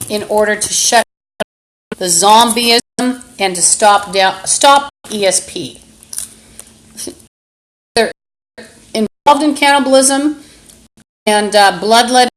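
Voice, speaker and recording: A woman hosting a live stream rambles into her phone camera in a halting monologue packed with fillers, erupting at times into angry, insulting outbursts. Her voice is a little high, and the recording is rough.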